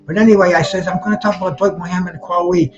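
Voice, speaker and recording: A man hosts a live boxing chat stream, rambling along, restarting his sentences and greeting viewers by name. His voice sits a little high for a man. The sound is dull and lo-fi, with faint music playing underneath. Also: fairly even intonation, fast talker. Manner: restarts and repeats words often.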